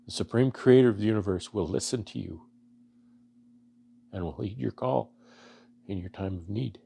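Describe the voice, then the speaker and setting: Brief: low, gravelly Canadian man, beekeeper vlogger, earnest and halting, a little choked up. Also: warm tone. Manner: halting, many restarts and fillers, earnest. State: emotional, choking up. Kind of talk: casual heartfelt talk to camera.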